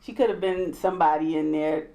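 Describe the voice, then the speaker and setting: A woman's voice: sits low, moderate pace, mellow. A woman co-hosting a casual podcast chat, blunt and opinionated. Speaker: podcast co-host.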